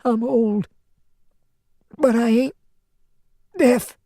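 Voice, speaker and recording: A man voicing a dying old man in an audiobook, his words halting and wheezing. The voice sits at a strained, raised pitch, and it sounds a little distant. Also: steady tone, mellow, no room sound, studio quality, full character voice. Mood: weak, wry. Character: old man, wheezing and breathless, dryly stubborn.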